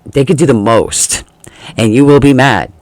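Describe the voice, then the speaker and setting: A man's voice: mid-range voice, unhurried, a little mellow, dry recording. A man giving a casual tarot reading, chatty and laughing often, acting out the feelings he describes. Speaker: tarot reader.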